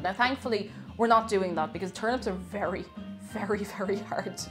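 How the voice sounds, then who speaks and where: A woman's voice: medium pitch, normal speed, a bit bright, soft background music. A young woman from Ireland chatting casually on a live stream, reading chat aloud and giggling often as she bakes.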